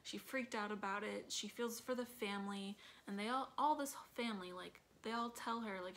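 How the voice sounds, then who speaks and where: A woman's voice: mid-range voice, steady tone, normal speed, fairly bright tone, slight background noise. A woman chatting casually in a movie review, retelling scenes with acted quotes and lots of fillers.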